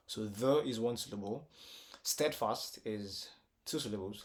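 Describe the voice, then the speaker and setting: Speaking at a normal speed in a fairly low voice, this man leads a relaxed music lesson. He explains each step, repeating himself and using lots of fillers, and occasionally sings brief phrases.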